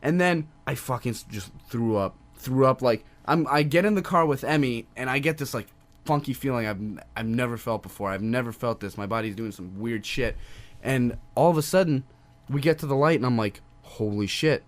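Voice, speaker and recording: A man's voice: medium pitch, a little fast. A young man, a podcast co-host, casually telling a story and swearing constantly. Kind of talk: casual chat.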